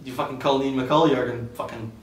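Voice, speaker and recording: A man's voice: medium pitch, steady tone, fairly quick, distant mic. A young Scottish man co-hosting a casual football podcast, blunt and swearing casually. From Scotland. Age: young adult. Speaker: podcast co-host. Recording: roomy, off-mic with faint hiss.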